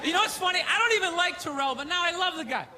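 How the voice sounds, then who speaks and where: A male stand-up comedian rants on stage, his voice pitched unusually high as he shouts his punchlines into a handheld mic. A live crowd laughs and murmurs throughout the theater recording. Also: animated, quick pace, heavy background noise. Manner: loud, ranting, shouting punchlines and acting out characters.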